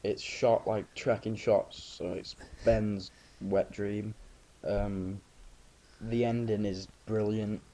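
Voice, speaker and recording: A man's voice: fairly low pitch, little pitch movement, slow pace, warm tone. A man chatting casually about films, rambling through anecdotes.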